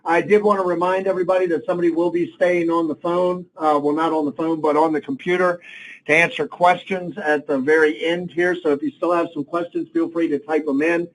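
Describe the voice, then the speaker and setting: Chatty guy hosting a phone call, bit high voiced, friendly, lots of uhs. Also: flat delivery, fairly quick. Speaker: call host.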